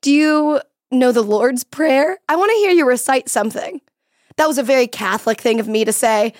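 A woman's voice: high voice, animated, normal speed. A young adult woman hosting a casual chat, playful and teasing as she asks questions. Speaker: podcast host.

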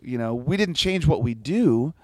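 Animated, swearing man. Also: mid-range voice, moderate pace, dry recording. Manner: animated, swears often, laughs while telling stories. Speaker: guest musician. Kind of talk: casual interview chat.

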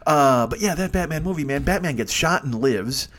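A man's voice: fairly high pitch, expressive, moderate pace, fairly bright tone. A man hosting a comedy podcast, delivering a rambling, profane, self-mocking monologue full of digressions. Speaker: podcast host.

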